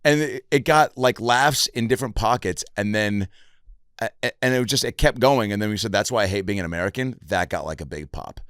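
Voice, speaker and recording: A man's voice: mid-range voice, animated, fairly quick, fairly bright tone, no echo, clean studio sound. A man hosting a podcast, chatty and enthusiastic, with lots of fillers. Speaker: podcast host. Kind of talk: casual podcast chat. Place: podcast studio.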